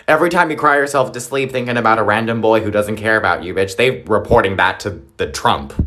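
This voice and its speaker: A man's voice: lowish voice, fast talker, a bit bright, slight background noise. A young man delivering a profane, exaggerated comedic rant monologue.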